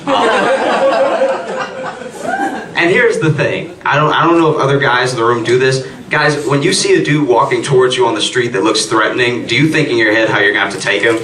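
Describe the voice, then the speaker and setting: A man's voice: mid-range voice, expressive, a little fast. A man from Louisiana doing a stand-up comedy set, self-deprecating, tagging his lines with "all right?" and "okay?". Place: comedy club stage before a laughing audience. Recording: roomy, distant club recording with crowd.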